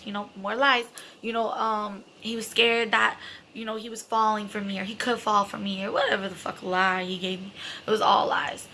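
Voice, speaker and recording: Her voice is medium-pitched, pushed and bright, with flat delivery at normal speed and a little hiss or hum. The young adult woman shares a personal story casually and emotionally, candid and freely swearing, with heavy use of "like" and "you know."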